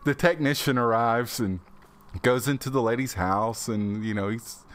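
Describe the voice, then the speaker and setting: A man's voice: medium pitch, normal speed, fairly bright tone. A young adult man on a podcast, telling an anecdote in a chatty way and acting out the quotes. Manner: chatty, laughs often, acts out quotes. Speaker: podcast co-host. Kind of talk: casual storytelling.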